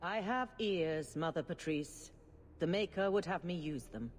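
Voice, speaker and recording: An actress playing a calm, wise older church leader in a video game, speaking in a measured, gently authoritative way. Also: female voice, on the low side. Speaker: grand cleric character. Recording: long reverb with faint noise.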